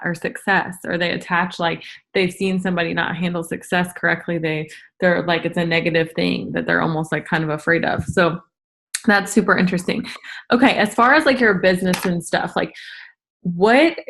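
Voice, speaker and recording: A woman hosting a casual interview, asking loose questions with lots of filler words. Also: fairly low pitch. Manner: relaxed, filler-heavy questions. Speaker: host.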